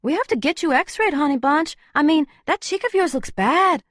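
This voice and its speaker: A woman's voice: sits high, lively intonation, normal speed, a bit bright, no room sound, clean studio sound, voice pushed up. A woman voicing a bold, breezy young shapeshifter woman in an audiobook.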